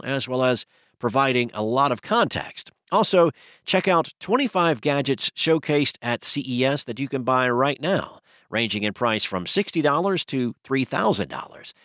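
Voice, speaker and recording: A man hosting a news podcast, reading a scripted bulletin in a steady, measured way. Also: mid-range voice, dry recording, studio quality.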